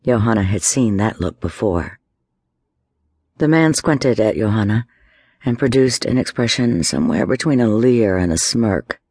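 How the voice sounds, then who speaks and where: A man narrates a historical story in a low, steady voice. The recording is dry and close, and his delivery is measured and dramatic. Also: slightly rough, no echo. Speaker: audiobook narrator. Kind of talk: scripted narration.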